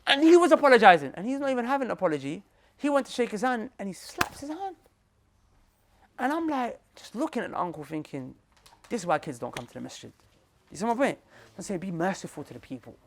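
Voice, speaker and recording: A young man giving a lively talk to a group as a Muslim preacher, using slang, repeating himself and addressing his listeners directly. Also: extremely high pitch, fast, a little hiss or hum.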